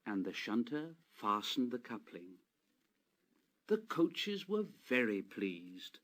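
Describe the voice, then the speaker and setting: A man reading a children's railway story aloud as narrator, expressive and gentle. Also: medium pitch. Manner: expressive, slow read-aloud.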